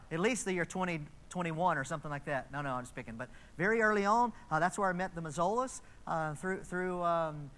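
Bright-voiced chatty man preaching. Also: sits high. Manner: chatty storytelling with asides to the congregation. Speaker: pastor. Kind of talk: conversational sermon.

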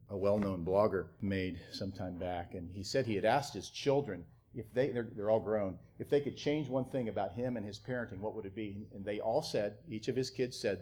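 A young adult man preaching a sermon on parenting, animated and punctuated with mocking acted-out quotes of parents. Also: on the low side. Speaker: pastor.

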